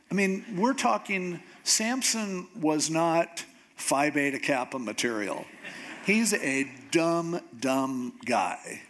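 A male preacher tells a story from the pulpit in a conversational, joking way. His voice sits a bit high, and he is animated, tossing off wry asides between the action. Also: takes it slowly. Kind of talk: humorous sermon storytelling.

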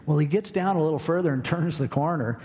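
A man preaching a sermon, conversational and humorous, animated as he tells a story. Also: fairly high pitch, quick pace, long reverb tail. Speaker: pastor.

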